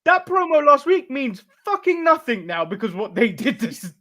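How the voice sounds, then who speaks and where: A man's voice: very high voice, sing-song, moderate pace, bright, forceful tone. An English-accented man co-hosting a casual podcast, exasperated and swearing, with laughs. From England. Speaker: podcast co-host.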